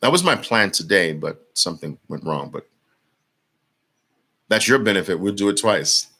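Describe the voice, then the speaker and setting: Forceful, blunt male trading coach. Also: deep voice, animated, normal speed, slightly rough. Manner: blunt, emphatic, repeats words for force; reads and answers viewer comments. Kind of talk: live-streamed trading lesson.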